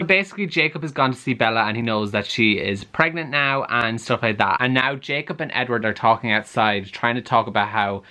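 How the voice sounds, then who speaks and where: A young man chatting casually in a reading vlog, animated and dramatically exasperated. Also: mid-range voice, fairly quick, hardly any pauses. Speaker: book vlogger.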